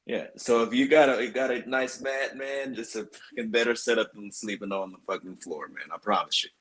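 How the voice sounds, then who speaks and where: A man casually telling a crude army story on a podcast, swearing constantly and animated. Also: medium pitch, fairly quick. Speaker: podcast host.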